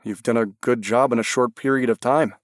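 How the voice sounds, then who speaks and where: A male narrator voicing a helpful official with years in government, who speaks briskly and reassuringly. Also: mid-range voice, steady tone, no room sound, studio quality, natural voice.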